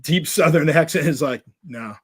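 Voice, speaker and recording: A man's voice: a little high, measured pace, dry recording. A man co-hosting a podcast, telling stories in a rambling casual chat full of "like" and restarts. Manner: rambling storyteller, many filler "like"s and restarts. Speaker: podcast co-host.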